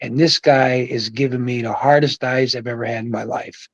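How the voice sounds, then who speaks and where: An older man, a guest who was a pro bowler, telling a profane, animated story in casual conversation. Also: medium pitch, normal speed, highs cut off.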